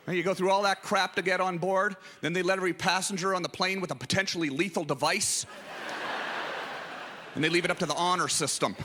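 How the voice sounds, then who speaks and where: A man from Canada doing stand-up and hosting, animated and prone to shouting out bits. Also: sits high, quick pace, a little hiss or hum. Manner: animated, shouts and mimics kids yelling. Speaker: stand-up comic and host. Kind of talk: stand-up comedy. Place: comedy club stage. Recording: live room with loud crowd.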